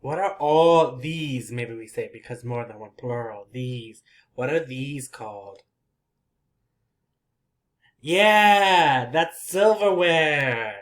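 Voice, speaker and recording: A man teaching a simple English lesson, patiently repeating words and laughing softly. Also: medium pitch, lively intonation, slow pace. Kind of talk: slow, simple language lesson.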